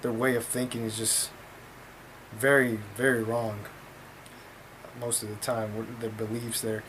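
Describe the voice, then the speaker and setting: A man's voice: mid-range voice, level tone, unhurried, fairly bright tone, slight background noise. A man telling a story in a casual vlog, talking in a blunt, profane, rambling way.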